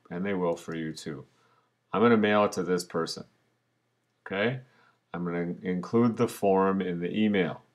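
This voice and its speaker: In a laid-back screencast tutorial, a male teacher talks through every step while clicking along, his voice sitting low.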